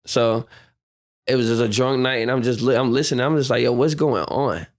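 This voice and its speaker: A man's voice: medium pitch, brisk. A young man telling stories as a guest on a podcast interview, laughing often and acting out what people said. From United States. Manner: animated storyteller, acts out quotes, laughs often. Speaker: guest, professional basketball player. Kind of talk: casual storytelling interview.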